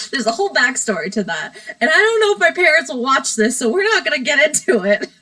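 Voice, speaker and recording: A woman's voice: high-pitched, sing-song, brisk, bright, forceful tone, poor audio. A woman hosting a casual live stream from her bedroom, rambling, giggly and self-deprecating. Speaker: livestream host.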